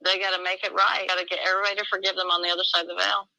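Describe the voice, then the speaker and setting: A middle-aged woman speaks fervently in an emotional personal conversation. Her voice is gravelly with fry and has a very sharp, tense edge. The sound is dry and close. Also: on the low side, flat delivery, racing, dry recording, poor audio. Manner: fervent, quotes dialogue in a swinging voice.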